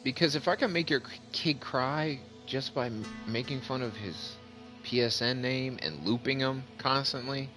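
A man hosting his gaming channel, casually telling a story over gameplay, getting animated as the story builds. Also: medium pitch, moderate pace. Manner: animated storyteller, voice jumps up when retelling. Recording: faint music behind.

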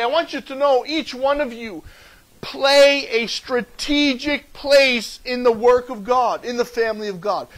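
High-voiced man preaching a sermon. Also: rough recording. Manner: emphatic preaching that swings between loud and soft; repeats key phrases for emphasis. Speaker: pastor.

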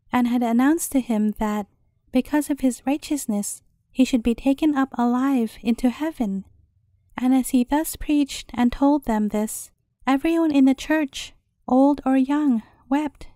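High-voiced woman reading a bedtime story. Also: mellow, no room sound, clean studio sound.

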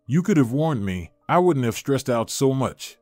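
A man's voice: medium pitch, big pitch swings, moderate pace, mellow, dry recording, faint music behind, lightly acted. Startled young woman, read by a man. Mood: exclaiming. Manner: exclaiming, upset. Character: young woman, anxious and teasing friend.

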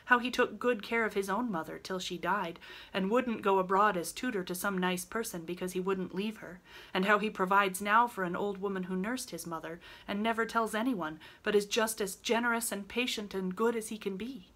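A woman's voice: medium pitch, normal speed, fairly bright tone, pitched above the performer's own voice, close to an everyday voice. A woman reading aloud, voicing a prim, motherly teenage girl who lectures earnestly in a raised voice.

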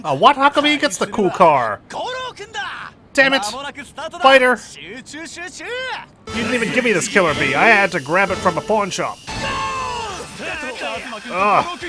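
A man commentating casually while playing a video game, excitable and quick to break into mock-outraged yelling. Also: sits high, music in the background, low-quality recording. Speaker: let's play gamer.

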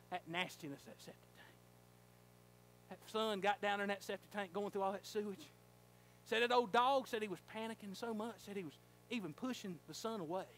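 A male pastor preaching a sermon in a church, telling a folksy story and rising to fervent shouting. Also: high voice, a little hiss or hum. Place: church sanctuary.

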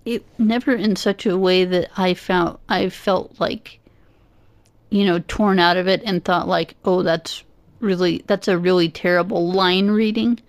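A woman's voice: lowish voice, fairly even intonation, a little slow, no echo. A woman on a casual podcast chat who talks thoughtfully and hesitantly, with many fillers. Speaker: podcast guest co-host.

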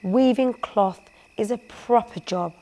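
A woman's voice: on the high side, slow, dark tone. Woman reading as a stubborn proud weaver.

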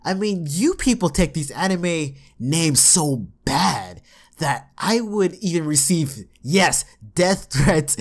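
A man's voice: a little high, very slow. A man YouTuber delivering a profane, mocking comedic rant to his viewers. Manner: profane, mocking, animated ranting.

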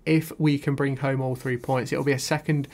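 A man's voice: mid-range voice, level tone, normal speed, darkish tone. Male gaming YouTuber, casual play-by-play over a football management game, thinks aloud. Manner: commentates play-by-play, thinking aloud about tactics.

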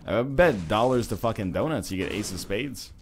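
A man's voice: lowish voice, animated, normal speed. A man co-hosting a gaming stream, wordy and sardonic, with an irritated throat. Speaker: streamer co-host. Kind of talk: casual gaming chat.

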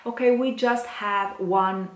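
Slow-spoken woman teaching diction. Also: medium pitch, fairly even intonation. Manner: slow, careful, demonstrating words aloud. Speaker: singing teacher. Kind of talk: diction lesson for singers. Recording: echoey room.

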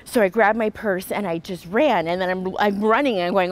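A woman's voice: mid-range voice, lively intonation, brisk, poor audio. A woman sharing an emotional personal testimony, earnest and full of restarts and fillers. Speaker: retreat participant sharing a testimony.

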